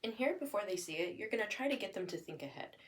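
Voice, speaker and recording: A young woman at medium pitch and quick pace teaches parents listening and spoken language strategies, sounding a little far from the mic. She explains plainly, then slips into lively sing-song kid-talk to act out parent-child examples.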